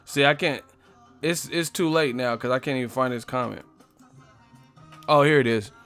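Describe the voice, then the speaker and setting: A man's voice: mid-range voice, moderate pace, fairly bright tone, clean tone, faint music behind. A man hosting a casual live stream, reading chat messages and mocking viewers, profane and laughing often. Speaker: boxing live stream host.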